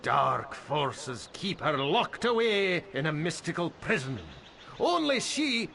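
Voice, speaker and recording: A flattering, fussy male messenger in a game cutscene, wordy and easily flustered. The voice is bright and sharp, pitched on the high side. It swings widely in pitch. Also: takes it slowly, vocal fry, a little hiss or hum, exaggerated voice. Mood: grand, persuasive.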